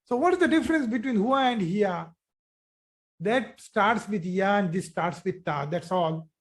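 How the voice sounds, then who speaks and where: Slow, patient male Arabic teacher. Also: high voice, expressive. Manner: slow, patient, praising students often. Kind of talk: live online lesson.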